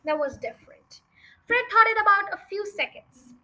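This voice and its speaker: Bright-voiced woman reading a storybook. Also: extremely high pitch, lively intonation, normal speed. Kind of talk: children's book read-aloud.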